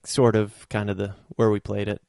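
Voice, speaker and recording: A man's voice: lowish voice, flat delivery, normal speed, creaky, dark tone, no echo. A man co-hosting a podcast, chatting casually with dry, sarcastic humor. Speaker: podcast co-host. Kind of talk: casual chat.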